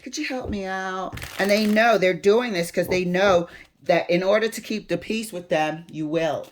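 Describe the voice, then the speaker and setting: A woman's voice: fairly low pitch, normal speed, a little hiss or hum. A woman reading tarot cards, speaking emphatically to spirit as she draws them and building into heated stresses. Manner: emphatic, swings into heated outbursts; addresses spirit while drawing cards. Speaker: tarot reader.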